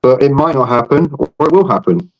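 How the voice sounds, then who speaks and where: A man with a British accent chats in a relaxed way, in a voice of middle pitch. He makes his point through plain everyday examples, with a few fillers along the way. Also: a little fast, highs cut off. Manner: explains with homely everyday examples. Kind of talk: casual chat.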